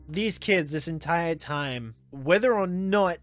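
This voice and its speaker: A man's voice: on the high side, slow pace, fairly bright tone, no room sound, faint music behind. A man casually recapping a movie plot in a rambling way, full of fillers and with frequent laughs. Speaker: YouTuber reviewing a movie.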